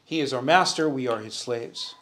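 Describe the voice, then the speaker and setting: A man's voice: medium pitch, moderate pace, fairly bright tone. A man teaching a verse-by-verse sermon in church, preaching earnestly, rising for emphasis and calling on the congregation to answer. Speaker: Bible teacher. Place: church sanctuary.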